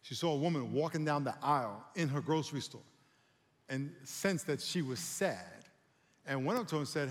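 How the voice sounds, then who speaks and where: A pastor delivers a sermon in a slightly high male voice, animated and urging the congregation to respond. He speaks at a normal pace, and the sound carries the echo of a large room.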